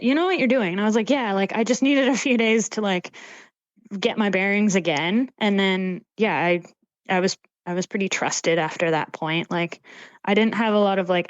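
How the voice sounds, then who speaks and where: A young woman from Canada chatting casually as a podcast guest, animated and laughing often, with lots of "like.". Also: lowish voice, no room sound, dull audio. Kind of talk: casual chat. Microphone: remote call mic.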